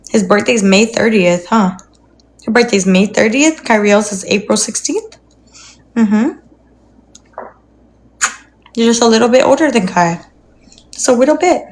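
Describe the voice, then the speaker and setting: Young woman on a phone live from her apartment, rambly, coos baby talk at her dog, faint hiss behind. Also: a little high. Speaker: livestreamer. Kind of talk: casual livestream chat.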